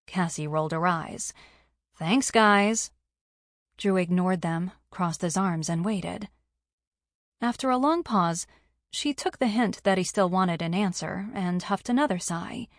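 A woman reading a romance audiobook in a steady, measured way. Her voice sits a little low for a woman, and the sound is dry and close with no room echo. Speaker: audiobook narrator. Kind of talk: scripted narration of a romance novel.

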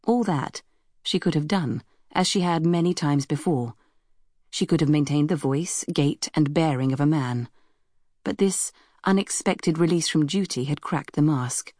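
Narrator, female, low register, dry close sound, measured storytelling. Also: a little mellow, dry recording. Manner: measured storytelling, voices dialogue with raised pitch. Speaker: audiobook narrator. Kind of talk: scripted narration.

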